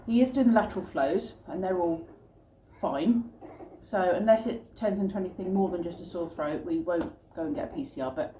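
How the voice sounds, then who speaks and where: A woman's voice: fairly low pitch, fairly quick, mellow, roomy sound, a little hiss or hum. A middle-aged British woman chatting casually to camera at home, rambling with little asides about her family's day. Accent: British English. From United Kingdom. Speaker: family vlogger.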